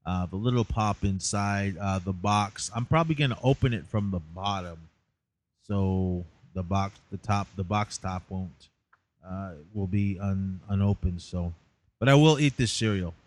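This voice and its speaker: Rambling low-voiced man, tired. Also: measured pace. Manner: rambling, many fillers. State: tired, yawning. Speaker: podcast host. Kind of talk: casual vlog recap.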